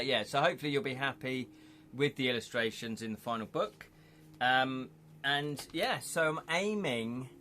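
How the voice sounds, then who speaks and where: A man's voice: medium pitch, pushed and bright, slight background noise. A man chatting casually on a live stream, rambling a little and reading out viewer comments, from the United Kingdom. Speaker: streamer and illustrator.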